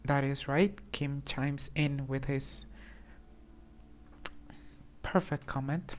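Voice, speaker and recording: Low-voiced woman streaming a game. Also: fairly even intonation, slow pace, long pauses, darkish tone. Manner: chatty, hesitant, many restarts. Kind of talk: casual gameplay commentary.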